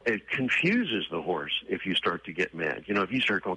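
Male interview guest, very low voice, dry close sound, earnest anecdotal delivery. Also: animated, normal speed, bright, forceful tone, husky, no room sound, low-quality recording. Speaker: interview guest, horse trainer. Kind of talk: conversational storytelling.

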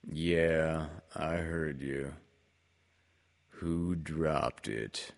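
A man voicing a gloomy old male donkey who speaks slowly, low and sighing, in a storybook reading. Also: steady tone, creaky, heavily acted. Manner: slow, low, sighing delivery.

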